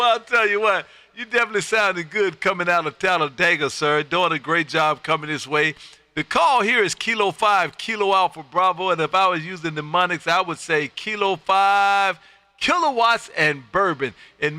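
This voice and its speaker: A man from Texas, making ham radio contacts on a live stream from his radio room, loud, upbeat and quick to laugh. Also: a little high, dry recording. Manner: loud, upbeat, laughs often, friendly drawl.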